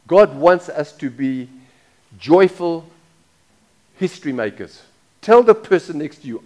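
A man's voice: a little high, lively intonation, unhurried, pauses often, a little mellow. A middle-aged man preaching a sermon as pastor, talking casually, repeating phrases and asking the congregation questions.

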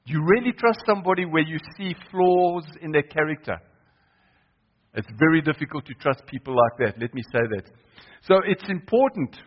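A man's voice: on the high side, lo-fi sound. A man preaching a sermon in church, often asking the congregation questions and repeating key phrases for weight. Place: church hall.

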